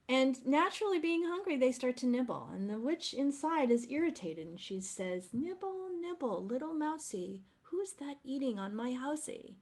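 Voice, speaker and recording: Woman gushing about an opera as presenter, kinda high voice. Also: a little mellow. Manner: effusive, enthusiastic. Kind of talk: program-notes talk.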